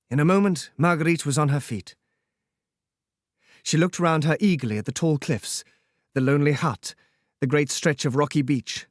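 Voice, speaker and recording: A man narrating a classic novel in a measured, solemn reading. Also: a little high, no echo, studio quality. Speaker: audiobook narrator.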